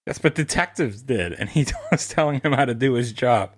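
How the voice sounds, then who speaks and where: A man co-hosting a casual podcast, cracking quick jokes. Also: mid-range voice, expressive, breathy edge, dry recording, clean studio sound. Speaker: podcast co-host.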